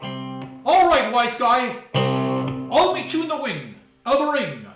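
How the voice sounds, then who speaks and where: Give me a man putting on a cocky, taunting macho fighter, pitched up and swaggering, with an exaggerated accent. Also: wildly swooping pitch, slow, reverberant, music in the background, heavily acted, rough recording. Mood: boastful taunting. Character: brash macho male fighter-influencer, boastful and taunting.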